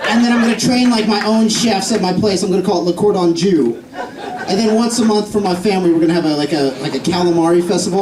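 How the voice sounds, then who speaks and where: A man performing a stand-up comedy set, self-deprecating and rambling with lots of fillers. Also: sits high. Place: comedy club stage. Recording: roomy club audio from far off, loud crowd. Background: audience laughter.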